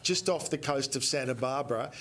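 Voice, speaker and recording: A man's voice: mid-range voice, fairly quick, fairly bright tone, a little hiss or hum. A man who is an entertainment editor, chatting enthusiastically on a morning TV entertainment segment.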